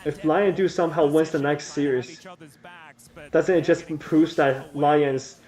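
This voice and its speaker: Man co-streamer, slightly high voice, yells and repeats himself, swears. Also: measured pace. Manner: excitable, swears, repeats phrases. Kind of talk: live reaction commentary.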